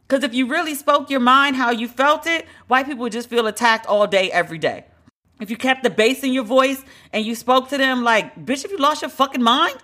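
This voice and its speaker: A woman hosting a podcast, giving blunt, profane opinion commentary in an animated, candid way. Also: on the high side. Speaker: podcast host.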